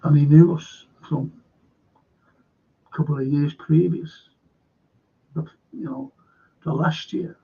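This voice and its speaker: A man hosting a live-streamed show, telling a rambling story in a halting way and repeating words for emphasis. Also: fairly high pitch, fairly even intonation, vocal fry, breathy edge, narrow, tinny audio. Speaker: host of a live-streamed current affairs show. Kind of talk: casual rambling storytelling to viewers.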